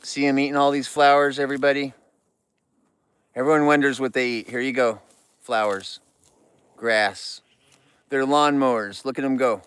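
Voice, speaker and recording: A man's voice: mid-range voice, fairly even intonation, moderate pace, pauses often, a bit bright, smooth, dry recording. A middle-aged man chatting casually on an outdoor live stream, repeating himself for emphasis. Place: outdoors near a barn.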